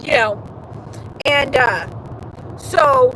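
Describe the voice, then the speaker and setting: A woman hosting a livestream who tells a story in a lively, animated way, acting out other people's lines and swearing freely as she goes. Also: high voice, very slow. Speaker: show host. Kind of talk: casual chat on a livestream. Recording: noisy car interior.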